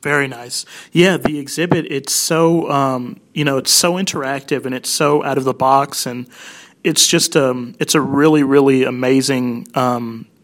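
A young man hosts a casual radio interview. His voice sits at an ordinary pitch for a man. He talks with eager enthusiasm and stumbles through frequent ums and restarts. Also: fairly even intonation, unhurried. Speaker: radio show host.

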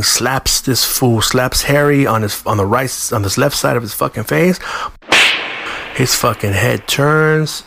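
Profane storyteller over music. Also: male voice, fairly low pitch, fairly bright tone. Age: 40s. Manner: profane, streetwise slang, acts out quoted voices. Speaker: podcast host. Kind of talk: casual storytelling monologue. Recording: clear music bed behind the voice.

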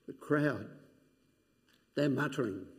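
A man preaching a sermon, retelling scenes dramatically and dropping to hushed, near-whispered quotes. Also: medium pitch, slow pace. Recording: long hall reverb.

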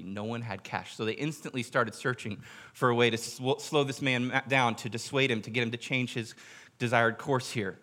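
A man, a pastor giving a sermon, retelling a story in a storytelling manner, going quiet for quoted lines and slowing down for emphasis. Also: mid-range voice. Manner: drops quiet for quoted speech, slows for emphasis.

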